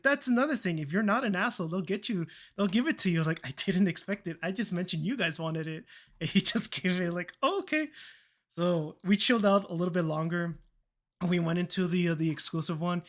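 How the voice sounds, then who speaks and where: Young adult streamer, mid-pitched voice, loose chatty storyteller who swears and laughs along, acts out every quoted line. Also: fairly bright tone. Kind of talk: casual storytelling chat.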